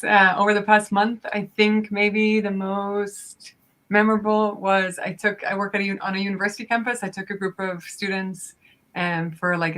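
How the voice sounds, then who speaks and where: A woman's voice: medium pitch, fairly bright tone. A woman who works at a university, chatting in an upbeat, talkative way on an online show. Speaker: university staff member. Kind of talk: casual chat.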